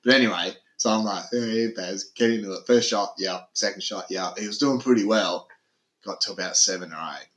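A young man telling a story on a casual podcast. He talks in a lively way, swears a lot and acts out what people said loudly. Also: fairly low pitch, brisk. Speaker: podcast host. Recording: echoey room.

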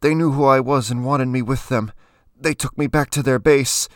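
A man voicing a desperate young male captive who pleads in a hoarse, rasping voice. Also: sits high, very animated, unhurried, pushed and bright, dry recording, clean studio sound, voice pushed up, full character voice. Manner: pleading, breathless gasps.

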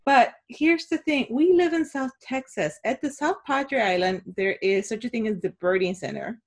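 Animated woman podcast host. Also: on the high side, moderate pace. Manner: animated, excitable storytelling. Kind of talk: casual chat.

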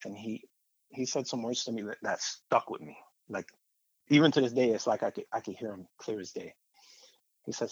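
A man sharing a personal testimony in a lively storytelling way, acting out the voices of the people he quotes. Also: on the low side, moderate pace, slightly rough, no echo. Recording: dull, muffled sound.

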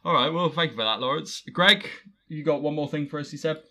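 A man's voice: on the high side, fairly quick, bright, forceful tone. A man hosting a casual podcast chat, self-mocking and rambling with restarts. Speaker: podcast host.

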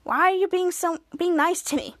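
A woman's voice: very high voice, moderate pace, fairly bright tone, no room sound, pitched above the performer's own voice. A woman voicing a bossy, whiny young girl who pleads and snaps. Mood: snappish. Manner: pleading and snappish.

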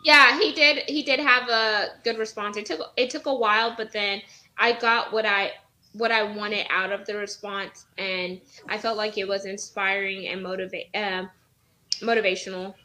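A woman guest on a casual web show, talking over a remote call. She has a bright, forward voice and tells her story loosely, quoting people with plenty of "like" and "or whatnot". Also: medium pitch, steady tone, moderate pace, rough recording. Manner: storytelling, quotes others with filler words. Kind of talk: casual chat.

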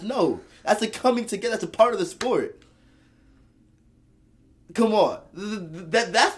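Young man, fairly high voice, animated and argumentative, lots of restarts. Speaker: podcast co-host. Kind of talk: casual sports banter.

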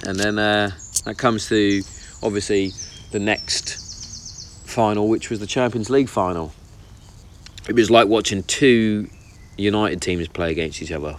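A man's voice: lowish voice, slight background noise. A man chatting casually and bluntly about football on his vlog, swearing freely as he gives his opinions. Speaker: vlogger. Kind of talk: casual chat. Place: outdoors in the countryside. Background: birdsong and outdoor ambience.

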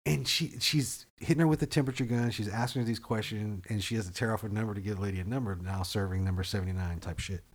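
Man, low voice, casual swearing storyteller who acts out quotes. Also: quick pace, few pauses. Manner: profane, animated storytelling with acted-out quotes. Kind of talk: casual podcast chat.

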